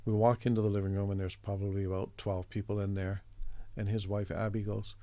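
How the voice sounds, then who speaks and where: A middle-aged man from Canada with a low, gravelly voice and a warm, dark tone spins a relaxed anecdote. He slips into the voices of the people in his story and chuckles as he goes. The sound is dry and close. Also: a little fast, hardly any pauses, no echo. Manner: chatty, acts out quoted voices, chuckles often. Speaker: artist guest telling a story.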